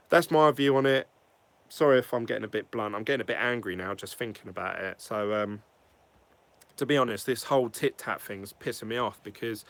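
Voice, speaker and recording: A man giving a casual, rambling opinion vlog, blunt and quick to swear. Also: medium pitch, dry recording. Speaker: crypto vlogger.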